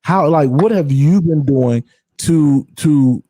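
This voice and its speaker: A man's voice: a little high, takes it slowly, mellow, no room sound, clean studio sound. A man hosting a podcast in casual conversation, talking candidly and emphatically with slang and repeated words. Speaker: podcast host.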